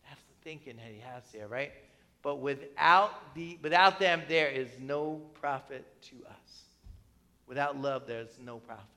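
A man's voice: mid-range voice, unhurried, bright, forceful tone. A man preaching a sermon in a conversational way, asking his listeners questions and often adding "right?". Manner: conversational preaching, asks the congregation questions, tags many lines with "right?". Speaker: pastor. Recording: long reverb of a church hall.

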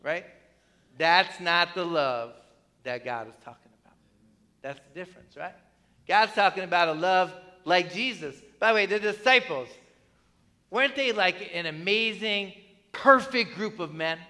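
Bright-voiced male preacher in a reverberant hall. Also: high voice, expressive, measured pace. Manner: conversational preaching, asks the congregation questions, tags many lines with "right?". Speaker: pastor. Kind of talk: sermon. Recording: long reverb of a church hall.

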